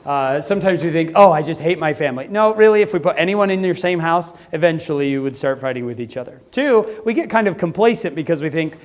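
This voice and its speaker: A man giving a humorous talk to a youth conference, telling a story with lively acted-out quotes. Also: a little high, quick pace, hardly any pauses. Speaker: youth speaker. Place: conference hall.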